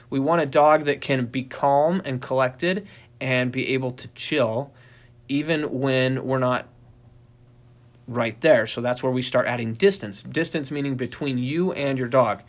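Animated middle-aged man explaining dog training. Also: unhurried. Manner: animated storyteller, acts out quoted voices in a high pitch; rambling with frequent restarts and fillers. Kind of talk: casual instructional talk.

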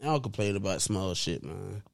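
A laid-back man co-hosting a podcast, drawling his slang. His mid-pitched voice is dry and close, with no room sound. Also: expressive, normal speed, creaky, dry recording. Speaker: podcast co-host. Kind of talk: casual chat.

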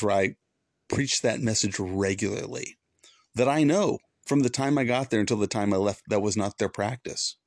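Former pastor hosting a faith podcast: earnest, repetitive, gravelly lower voice. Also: male voice, dry recording, studio quality. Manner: earnest, preachy, repeats for emphasis. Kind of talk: devotional podcast talk.

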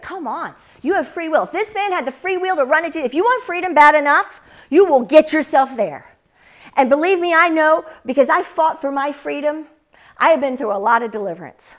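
A middle-aged woman delivers a sermon in a high, bright-pitched voice. She preaches with fervor and hammers her points home by repeating them. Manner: fervent, emphatic, repeats lines for effect.

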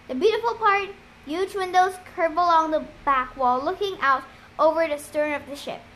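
A woman reading a novel aloud in a steady, deliberate storytelling manner. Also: high-pitched, slight background noise, rough recording. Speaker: reader. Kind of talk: audiobook-style reading of a novel.

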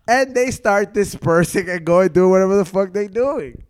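A man, a comedian guest on a podcast, telling a story in casual slang, animated and laughing often. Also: high-pitched, normal speed, clear, resonant tone.

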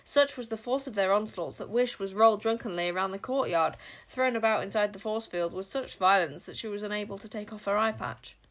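A woman narrating a storybook with an expressive, dramatic delivery. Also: mid-range voice, a little fast, hardly any pauses. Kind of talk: storybook reading.

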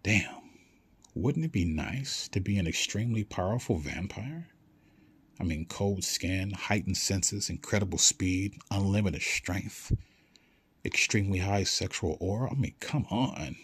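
A man delivers a loose, animated motivational monologue, swearing casually and acting out quick exchanges. His voice sits low and has a slightly husky edge. He urges and exclaims rather than lectures.

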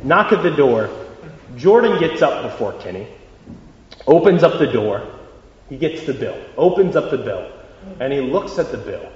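A man's voice: mid-range voice, normal speed, pauses often. A young man preaching a sermon, posing questions to his listeners and acting out little scenes. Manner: animated, asks the audience questions, acts out voices. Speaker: youth preacher. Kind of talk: sermon with acted-out scenarios. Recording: echoey hall, slightly dull.

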